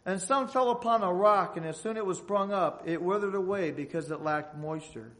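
A man's voice: high-pitched, moderate pace, a bit bright. A man preaching a sermon, reading Bible passages aloud and asking the congregation for an amen. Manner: reads scripture aloud in old-fashioned phrasing.

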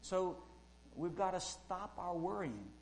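A man preaching a sermon, fervent and rising loud when he quotes, with frequent fillers. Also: high voice, big pitch swings, slow pace, poor audio.

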